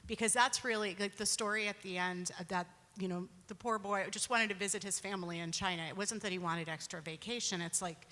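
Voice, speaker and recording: A woman's voice: mid-range voice, fairly even intonation, a little fast, hardly any pauses, pushed and bright. A woman speaking casually on a conference panel, full of "like" and "you know". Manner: casual, many "like" fillers. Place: conference hall. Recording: reverberant hall.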